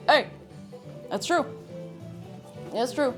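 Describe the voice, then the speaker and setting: A young Irish woman streaming from home, her voice high and bouncing all over the place. She chats in a bubbly, casual way with viewers, thanking them and joking around. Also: big pitch swings, moderate pace, long pauses, music in the background. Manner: bubbly, chatty, reads out viewer messages. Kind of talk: casual livestream chat.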